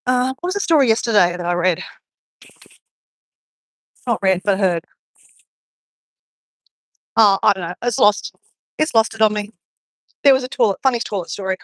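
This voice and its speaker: This is casual live-stream chat from a woman strolling outdoors on a beach, who rambles and says hello to viewers by name. Her voice sits in the mid range, her pace is moderate with frequent pauses, and there's no room sound.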